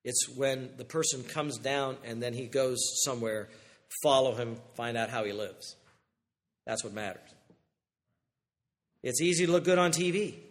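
A man, a pastor, preaching a sermon with animated delivery that swings from loud, rising calls to hushed, low passages. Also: moderate pace, long pauses, in a large hall.

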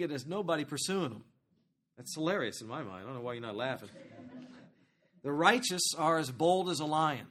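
A man preaching a sermon as pastor, talking to the congregation in a conversational, animated way and asking them questions. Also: on the high side, a little fast.

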